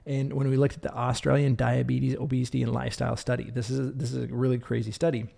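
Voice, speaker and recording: A man's voice: mid-range voice, level tone, fast talker, creaky, mellow. A man hosting a podcast as a doctor, giving a blunt, scolding motivational monologue and repeating phrases for emphasis.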